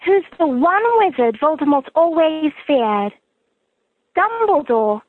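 A woman's voice: high-pitched, expressive, slow pace, no room sound. Hermione, a woman doing a British schoolgirl witch. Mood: reassuring. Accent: put-on British. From Florida, USA. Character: clever, bossy teenage schoolgirl witch. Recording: tinny phone-like, dry.

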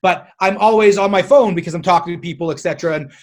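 A man guesting on a podcast, talking in a chatty, animated way and swearing casually. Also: high-pitched, fast talker. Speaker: guest, self-defense instructor.

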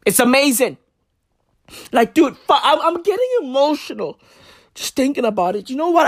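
A woman's voice: high-pitched, expressive, normal speed, long pauses, no echo, clean studio sound. A woman from South Africa delivering a sarcastic comedic rant, mock-serious, full of street slang and swearing.

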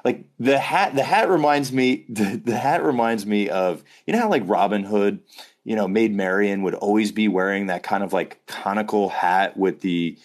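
A man's voice: on the low side, moderate pace. A man co-hosting a podcast, chatting casually over a video call in a playful, rambling way and laughing often. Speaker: podcast co-host. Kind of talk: casual chat.

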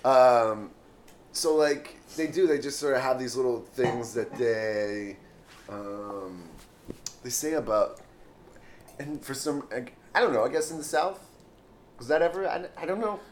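A man's voice: medium pitch, a little slow, slight background noise. A man co-hosting a podcast, trading crude jokes and laughing often. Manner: joking, laughing often, mocking voices. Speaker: podcast co-host. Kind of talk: crude casual banter.

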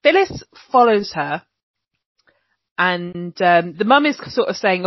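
A woman's voice: lowish voice, animated, slow, pauses often, no echo. A woman chatting casually on a video call podcast, laughing often and swearing casually while she recaps a TV episode. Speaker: podcast co-host. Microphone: own mic on a video call. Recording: dull lo-fi dry sound.

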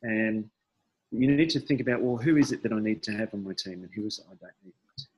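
A middle-aged man, a podcast guest, talking reflectively and hesitantly, with many pauses and restarts. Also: on the low side, a little mellow, breathy edge, highs cut off. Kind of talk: reflective conversational interview.

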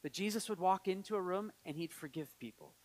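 A pastor preaches a sermon in a high-pitched, brisk voice, earnest and building to emphatic peaks with light laughs between points. Long hall reverb surrounds the recording.

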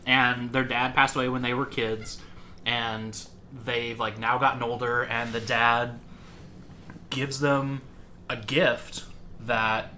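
A man's voice: medium pitch, level tone, slow, sharp tone, a little hiss or hum. A man in his twenties co-hosting a casual podcast, talking earnestly and trailing off mid-sentence. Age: 20s. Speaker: podcast co-host. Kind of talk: casual chat.

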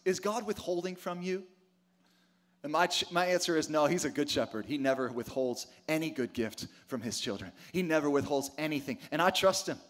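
A middle-aged man preaching a sermon, emphatic, asking rhetorical questions and calling for responses from the congregation. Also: on the high side. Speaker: pastor.

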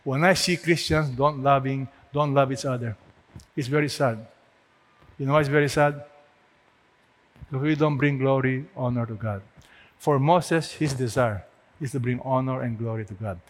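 A man's voice: medium pitch, normal speed, pauses often. A man preaching a sermon earnestly, asking rhetorical questions and building to emphatic peaks. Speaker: pastor. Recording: long hall reverb.

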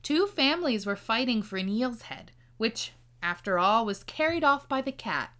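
A woman's voice: a little high, normal speed. Playful woman reading a fairy tale. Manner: playful, laughing asides, lively delivery. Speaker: storyteller. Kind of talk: casual fairy tale read-aloud.

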